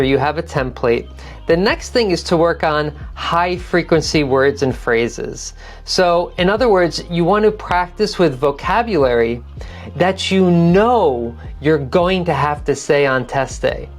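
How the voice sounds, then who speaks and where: A woman's voice: lowish voice, expressive, measured pace, soft background music. A woman teaching an online test-prep lesson, practical and encouraging, repeating key phrases to model how they should sound. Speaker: TOEFL teacher.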